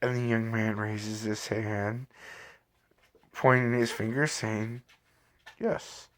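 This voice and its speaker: Slow, halting man telling a story. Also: lowish voice, level tone, a bit bright. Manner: halting, self-correcting. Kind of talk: improvised story narration.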